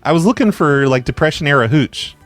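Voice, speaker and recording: A man making a prank phone call, playing a dim tenant in a deadpan, innocent way. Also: on the high side, brisk, no echo, soft background music. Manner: deadpan, innocent, absurdly calm. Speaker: prank caller.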